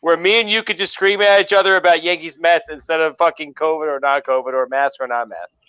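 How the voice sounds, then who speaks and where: A man's voice: fairly high pitch, steady tone, fast, sharp tone, clear, resonant tone. Hesitant male guest, dull lo-fi audio. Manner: hesitant, filler-heavy, profane. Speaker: podcast guest. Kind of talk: casual chat.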